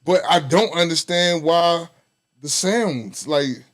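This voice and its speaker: A man's voice: fairly high pitch, slow. A man hosting a podcast, talking loosely and jokingly. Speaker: podcast host. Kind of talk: casual chat.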